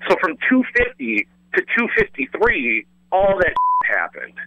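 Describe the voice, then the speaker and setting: A man telling a wild story in animated casual chat, rambling with lots of fillers and swearing freely. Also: sits high, a little slow, dry recording, muffled recording. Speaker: former radio host telling a story as a guest.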